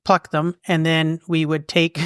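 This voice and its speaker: A Canadian woman co-hosting a podcast and telling a farm story in loose casual chat. Her voice is smooth and clear, and it is recorded dry and close with little room sound. She rambles along with plenty of ums, uhs and restarts. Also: low-pitched, little pitch movement, unhurried, no room sound. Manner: rambling, lots of fillers and restarts. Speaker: podcast co-host. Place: local museum.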